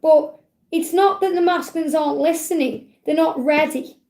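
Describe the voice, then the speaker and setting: A woman with a Stoke-on-Trent accent, chatting warmly and digressively as she answers viewers' questions in a live card reading. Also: high voice, moderate pace, echoey room. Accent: Stoke-on-Trent English. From England. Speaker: spiritual reader.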